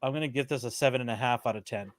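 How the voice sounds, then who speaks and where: A man co-hosting a podcast, telling a story in casual chat, animated and laughing, acting out the quotes. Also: medium pitch, rapid-fire, no room sound. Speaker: podcast co-host.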